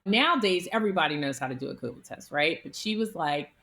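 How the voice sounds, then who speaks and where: Woman doctor chatting in an interview, lowish voice, animated, tells stories with lots of energy. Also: fast talker. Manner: animated, acts out quoted people in her stories. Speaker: physician, guest. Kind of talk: conversational interview storytelling.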